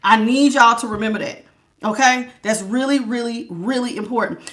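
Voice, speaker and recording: A woman's voice: on the high side, moderate pace. A woman giving a live spiritual tarot reading, preachy and emphatic, repeating words for stress. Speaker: tarot reader.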